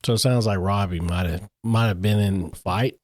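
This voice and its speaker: A man's voice: fairly low pitch, normal speed, no room sound, studio quality. A man co-hosting a true crime podcast, reacting casually and thinking aloud. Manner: easygoing, thinking aloud with hedges.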